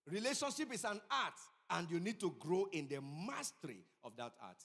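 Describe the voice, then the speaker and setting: A middle-aged man preaching a sermon as pastor. He tells stories, swings between loud emphatic peaks and quiet asides, and asks the congregation questions. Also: high-pitched, very animated, moderate pace, creaky. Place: church sanctuary. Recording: long hall reverb.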